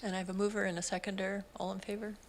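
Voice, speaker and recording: Gravelly-voiced woman chairing a meeting. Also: mid-range voice, flat delivery, fairly bright tone, slight background noise, poor audio. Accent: Canadian English. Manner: brisk, routine procedural calls. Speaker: committee chair. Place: council chamber.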